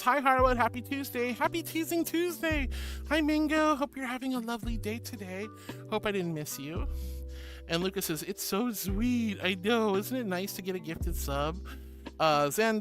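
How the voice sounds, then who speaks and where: A woman streamer chatting casually and reading her chat aloud, playful and teasing, with mock protests. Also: medium pitch. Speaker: VTuber streamer.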